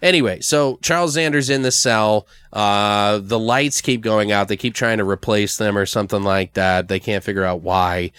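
A man's voice: lowish voice, moderate pace, few pauses, a bit bright, clean tone, no room sound, clean studio sound. A man casually brainstorming a story on a podcast, rambling with lots of fillers and swearing. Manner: rambling, profane, full of fillers. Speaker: podcast co-host.

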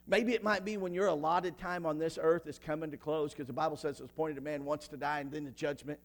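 A man preaching a sermon in a church, moving from quiet reading of scripture to loud, shouted preaching. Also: fairly high pitch, steady tone, fairly quick, hardly any pauses.

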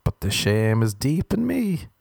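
A man's voice: medium pitch, wildly swooping pitch, unhurried, vocal fry, a little mellow, slightly rough, dry recording, clean studio sound. A man with an Irish accent delivering a sardonic, profane comic rant, mocking himself as he goes.

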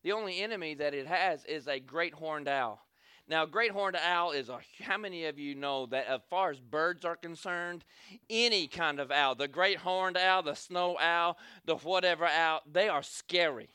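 High, bright-voiced male preacher. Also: moderate pace, smooth, dry recording. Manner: animated, calls for amens, acts out scenes. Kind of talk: sermon with storytelling.

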